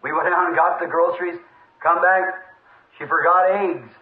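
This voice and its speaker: High-voiced fervent preacher on old tape. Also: male voice, normal speed. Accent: Southern American. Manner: fervent, excitable, shouting praise. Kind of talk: storytelling revival sermon. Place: church. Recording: lo-fi old tape, echoey church.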